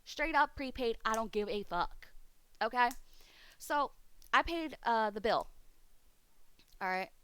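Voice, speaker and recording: A woman's voice: a little high, lively intonation, slow, long pauses, fairly bright tone, clear, resonant tone. A woman streamer chatting casually, swearing freely as she rants. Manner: profane, ranting. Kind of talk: casual chat. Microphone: streaming mic.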